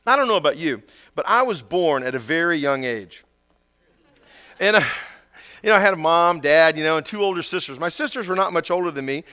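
A middle-aged man delivering a sermon in a high, bright voice. He reads scripture slowly and with care, then builds his stories into animated, emphatic peaks. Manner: animated storytelling with dramatic rising emphasis. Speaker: pastor.

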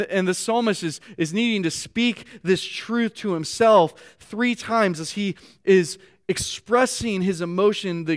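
A man's voice: sits high, a bit bright, clean tone. A male pastor giving an earnest sermon. He reads scripture aloud with feeling and often repeats words while reaching for his thoughts.

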